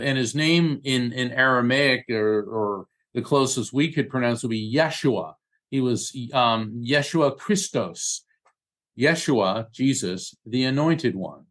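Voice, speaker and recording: A man talking in a relaxed interview, telling stories and explaining history with lively asides. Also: mid-range voice. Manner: animated storyteller, acts out voices in quotes. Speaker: guest, medium and lecturer. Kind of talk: casual conversation.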